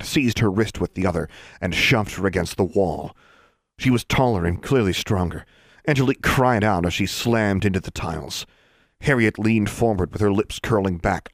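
A man narrating a fantasy story in a steady, even storytelling manner. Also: low-pitched, dry recording, clean studio sound. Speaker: audiobook narrator.

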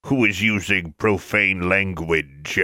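A man's voice: sharp tone, dry recording, clean studio sound, heavily acted. A man doing a grating, indignant marble bust. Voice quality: low, grating. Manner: slow, indignant. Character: pompous talking marble bust, male.

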